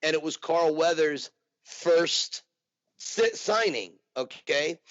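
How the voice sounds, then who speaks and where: A man being interviewed, telling his story animatedly. His voice is slightly high for a man. The sound is dry and somewhat muffled, with no room echo. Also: slow pace. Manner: animated anecdote telling with acted quotes. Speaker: interview guest, impersonator. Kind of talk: casual storytelling. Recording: dull dry recording.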